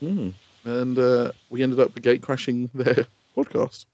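A man's voice: mid-range voice, flat delivery, a little slow, darkish tone, dry recording, muffled recording. A man co-hosting a podcast in casual chat, rambling and laughing often. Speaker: podcast co-host.

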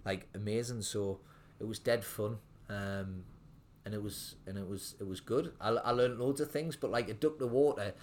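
A man's voice: lowish voice, moderate pace, few pauses, a little mellow, slight background noise. A young man, a restaurant owner telling his story in a casual interview, rambling with lots of fillers and restarts. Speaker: restaurant owner, podcast guest.

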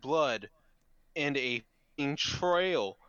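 A man in his twenties, a podcast co-host, telling an animated and profane story in casual chat. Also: on the high side, extremely slow, clean tone, dry recording. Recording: slightly dull lo-fi sound.

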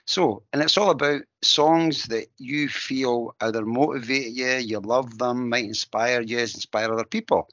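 A man's voice: medium pitch, steady tone, a little slow, few pauses, fairly bright tone, no room sound. A man co-hosting a podcast in casual chat, upbeat and encouraging. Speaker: podcast co-host. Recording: dull lo-fi sound.

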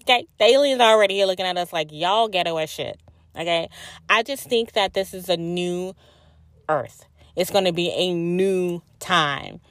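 A woman's voice: lowish voice, moderate pace, dry recording. A tired woman hosting a podcast, talking casually and frankly about her spiritual journey, swearing freely and saying "like" a lot. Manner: frank and profane, storytelling with many "like"s. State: tired and drained. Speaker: podcast host.

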